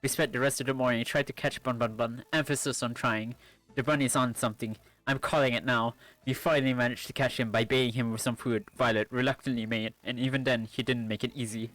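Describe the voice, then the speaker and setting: A man streaming a visual novel, reading its narration with lively asides. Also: mid-range voice, fast talker, no echo, soft background music. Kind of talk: visual novel read-aloud.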